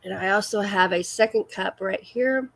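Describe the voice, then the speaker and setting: A woman's voice: mid-range voice, moderate pace, vocal fry, a bit bright. A woman hosting a casual live chat with her viewers, giggly and self-deprecating. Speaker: livestream host.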